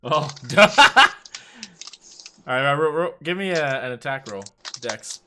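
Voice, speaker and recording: A man narrating a tabletop game as game master, animated and laughing often, with a rambling, filler-heavy delivery. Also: fairly high pitch, measured pace, background noise.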